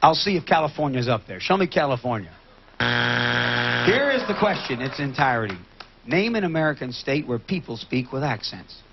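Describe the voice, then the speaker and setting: A man hosting a TV game show, brisk and joking, repeating answers aloud. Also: mid-range voice, lively intonation, slight background noise. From Kentucky. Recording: dull lo-fi TV studio recording with loud audience.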